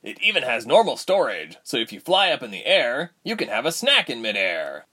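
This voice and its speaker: A man voicing a young male inventor in a storybook reading, casual and lively. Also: medium pitch, normal speed, breathy edge, heavily acted. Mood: easygoing. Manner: casual, then tense and urgent.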